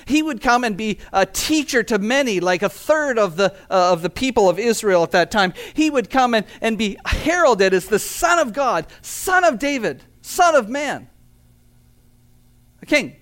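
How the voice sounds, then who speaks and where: A man's voice: very high voice, big pitch swings, normal speed, a bit bright. A man preaching a sermon as pastor, earnest and emphatic, reading scripture aloud and asking rhetorical questions. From Canada.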